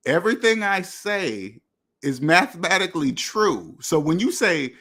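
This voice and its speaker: A man with a slightly higher-than-usual voice lecturing his viewers bluntly about money. He repeats himself, restarts his sentences and talks straight at the listener. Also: sing-song, measured pace, fairly bright tone, breathy edge. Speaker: finance channel host. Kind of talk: direct-to-camera rant.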